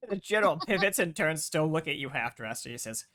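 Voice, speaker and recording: A man narrating as game master of a tabletop role-playing game, halting and full of restarts. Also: a little high, expressive, a crowd in the background.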